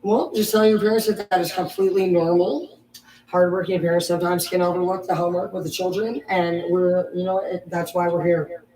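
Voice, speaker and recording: A woman voicing a scheming school administrator who makes a slow, fake-sweet announcement over the intercom. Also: on the low side, little pitch movement, warm tone, slight background noise, close to an everyday voice. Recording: echoey room, voice from a distance.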